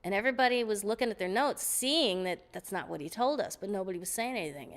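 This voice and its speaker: A woman guest on an interview show, telling stories in a lively, laughing way, often restarting her sentences. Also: medium pitch, quick pace, few pauses. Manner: animated, laughing storyteller with frequent restarts. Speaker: guest vocalist. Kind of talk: casual interview storytelling.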